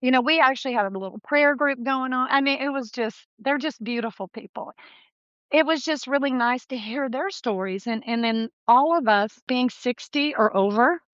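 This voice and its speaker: A woman's voice: sits high, moderate pace, no room sound, lo-fi sound. A woman in her sixties, a dentist guest telling her story in a chatty, laughing way. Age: 60s. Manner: warm, chatty, laughs often, acts out quoted voices. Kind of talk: casual interview chat.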